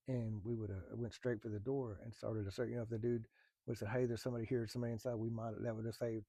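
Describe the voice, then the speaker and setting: Man, husky and dark tone, blunt, profane, halting, personal storytelling. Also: on the low side, no room sound. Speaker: firefighter telling a personal story. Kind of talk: candid storytelling.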